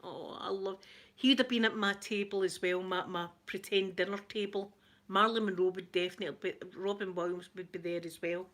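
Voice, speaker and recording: A woman's voice: medium pitch, fairly even intonation, brisk, fairly bright tone. Scottish lady chatting away to her viewers, middle-aged, reads out comments and laughs a lot. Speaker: ASMR livestream host. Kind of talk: casual chat with viewers.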